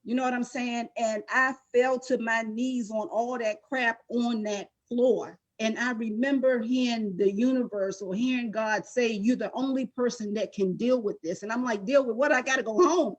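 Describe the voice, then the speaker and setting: A woman's voice: on the high side, steady tone, moderate pace, few pauses, lo-fi sound. A middle-aged woman, a guest on the show, giving emotional personal testimony in an impassioned, emphatic way.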